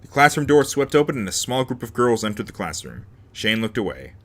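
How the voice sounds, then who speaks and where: A man's voice: medium pitch, sing-song, a little fast, fairly bright tone, slight background noise. A man reading a visual novel aloud as host, dropping sarcastic asides between the lines of narration. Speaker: let's play host.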